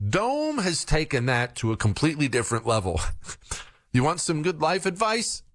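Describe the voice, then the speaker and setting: A male talk radio host with a lively, swooping delivery, leaning into sarcastic asides and mock disbelief. He rambles through anecdotes with a conversational, storytelling pace, his pitch jumping around as he riffs. The sound is that of a broadcast studio monologue. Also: moderate pace. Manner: sarcastic, mocking, animated storytelling.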